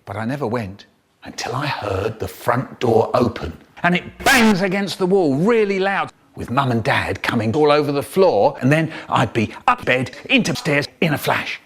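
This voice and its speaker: A man telling a comic story about his childhood in a lively, vivid way. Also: mid-range voice, normal speed, breathy edge. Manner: lively, vivid storyteller who acts out the scenes. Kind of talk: comic childhood storytelling, chopped by remix edits.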